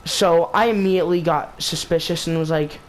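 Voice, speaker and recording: This man's fairly high voice stays fairly even in intonation and moves a little fast, captured on a rough recording. Hosting a gaming channel, he retells a story in a rambling way, heavy on fillers like "like" and "basically", with frequent restarts.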